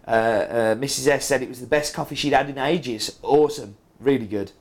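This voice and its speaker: Here a coffee roaster, a middle-aged man with a heavy British accent, reads viewer comments aloud in an easygoing chat full of ums and uhs. He speaks in a mid-range voice at a moderate pace.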